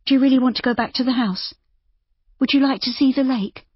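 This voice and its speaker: A woman narrator voicing Judy, an anxious, caring young woman who coaxes and pleads gently. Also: high voice, brisk, slightly rough, no echo, lo-fi sound, voice pushed up. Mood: coaxing.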